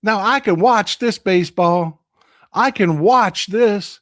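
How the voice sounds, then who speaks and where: A man hosting a livestream, telling stories in an excitable, animated way with loud exclamations. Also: high-pitched, takes it slowly, no echo, studio quality. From Texas. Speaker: livestream host. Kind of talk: casual chat.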